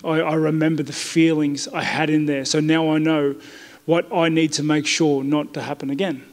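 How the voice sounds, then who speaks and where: A man's voice: on the high side, flat delivery, normal speed. A man with an Australian accent answering reporters at a media day, blunt and laid-back, often saying mate. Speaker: fighter interviewed by press. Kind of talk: casual press interview. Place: media day press area indoors. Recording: reverberant media room.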